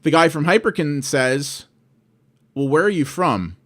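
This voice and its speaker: A man's voice: fairly high pitch, animated, measured pace, a bit bright. A man from Canada telling a long, exasperated story about bad customer service, quoting both sides of his calls and swearing freely. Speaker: video blogger. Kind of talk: ranting monologue.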